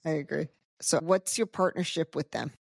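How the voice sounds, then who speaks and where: A woman's voice: low voice, normal speed, gravelly, dry recording, clean studio sound. A woman hosting a podcast, asking questions and chatting in an enthusiastic, agreeable way. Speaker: podcast host. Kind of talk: casual interview chat.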